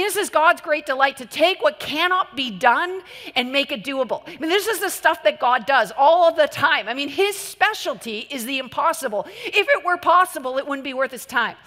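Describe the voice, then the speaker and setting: A woman delivers a sermon in a high, bright voice and tells stories with animated energy and bursts of laughter. A long reverb trails her words around a large hall. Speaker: preacher. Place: church hall.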